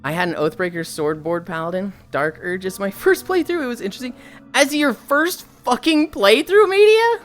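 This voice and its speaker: A woman's voice: a little high, normal speed. Young woman streamer yapping to chat, swears a lot, voice jumps all over, a little music underneath. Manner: animated, profane, storytelling. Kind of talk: casual chat with viewers.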